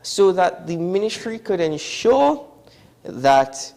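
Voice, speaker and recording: A man with a Trinidadian accent co-hosting a talk show, chatting in a wry, animated way with sharp pitch jumps for emphasis. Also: slow pace, vocal fry. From Trinidad and Tobago. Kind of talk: casual studio chat.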